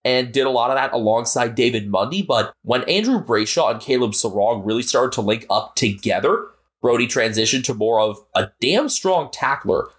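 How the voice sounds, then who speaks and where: A man's voice: medium pitch, animated, moderate pace, fairly bright tone. An American man co-hosting a podcast, chatting casually and analytically about football. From United States. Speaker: podcast co-host. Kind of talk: casual sports chat.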